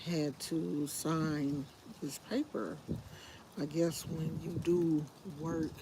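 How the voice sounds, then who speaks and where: A woman's voice: low-pitched, darkish tone, slight background noise, low-quality recording. A woman hosting a casual livestream from her backyard, talking to viewers in a wistful, rambling way on a handheld phone. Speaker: livestream host. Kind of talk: casual live chat. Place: outdoors in a backyard.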